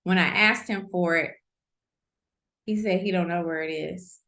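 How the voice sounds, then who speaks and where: A middle-aged woman hosting an online masterclass, teaching in a lively, conversational way and repeating key points for emphasis. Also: lowish voice, a little slow. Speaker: host, coach. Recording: roomy echo.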